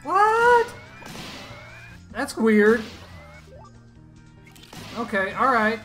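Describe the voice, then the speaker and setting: A man giving casual, excitable commentary on his own mobile game matches, teasing opponents and laughing at big plays. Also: extremely high pitch, very slow, soft background music. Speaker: gaming YouTuber. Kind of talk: gameplay commentary.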